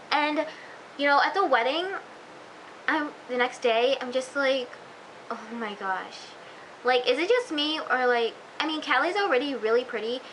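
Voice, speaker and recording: A woman's voice: high voice, fairly bright tone, slight background noise, low-quality recording. A woman recapping a TV episode in a chatty, gushing vlog style, full of fillers. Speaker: TV episode reviewer.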